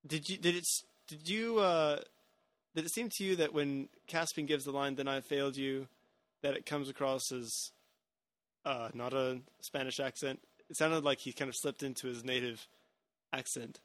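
A man's voice: medium pitch, a little slow, a bit bright, dry recording. A man hosting a podcast, chatting casually about a film with many restarts and hedges. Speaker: podcast host.

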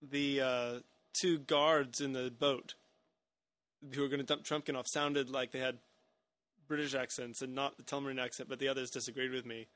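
A man's voice: mid-range voice, level tone, normal speed, a bit bright, no echo. A man hosting a podcast, chatting casually about a film with many restarts and hedges. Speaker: podcast host.

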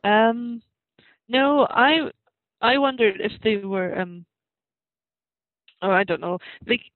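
A man's voice: high voice, steady tone, slow pace, dry recording. A man co-hosting a podcast, talking casually and hesitantly about a film over a tinny phone-like line. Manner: hesitant, short agreeing replies. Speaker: podcast co-host.

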